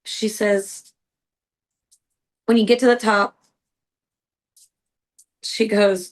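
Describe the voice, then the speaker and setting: A woman's voice: mid-range voice, little pitch movement, extremely slow, long pauses, rough recording. A woman hosting a podcast, telling a personal story in a casual, earnest and rambling way, full of "like" and "you know". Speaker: podcast host.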